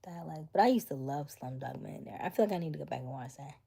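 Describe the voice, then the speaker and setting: This young woman runs a casual livestream, reading chat messages at a quick pace in a low, warm voice that's creaky with a breathy edge. Her intonation is lively and her manner chatty, occasionally dropping to a whisper.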